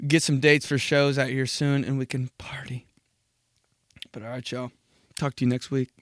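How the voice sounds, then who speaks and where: A man's voice: mid-range voice, flat delivery, moderate pace, no echo, clean studio sound. A young man hosting a casual solo podcast, rambling through profane stories and laughing at his own jokes. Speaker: podcast host.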